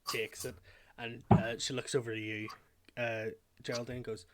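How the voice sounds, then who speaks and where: A man's voice: mid-range voice, crowd noise. Man narrating a tabletop game. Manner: relaxed, halting narration with fillers. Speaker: game master.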